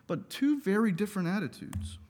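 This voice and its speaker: A man teaching a Bible lesson in a conversational, expressive way, with asides and light humor. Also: sits high, fairly quick, in a large hall.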